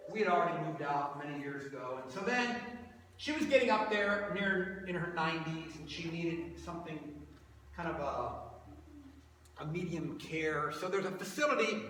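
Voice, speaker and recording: A man's voice: sits high, background noise. A man preaching a storytelling sermon, animatedly acting out both sides of a phone call. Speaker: guest preacher. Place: large church sanctuary. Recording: echoey hall from far off.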